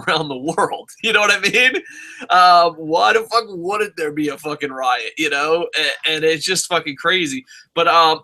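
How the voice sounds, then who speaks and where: A man's voice: fairly high pitch, pushed and bright. A young man co-hosting a casual wrestling review podcast, swearing constantly and acting out his reactions in profane rants. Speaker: podcast co-host.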